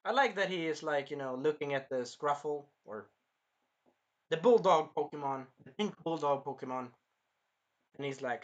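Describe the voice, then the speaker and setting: A man in his early twenties giving a rambling, casual movie review, jumping between topics with sudden loud outbursts. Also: on the high side, normal speed, muffled recording. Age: early 20s. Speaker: film reviewer.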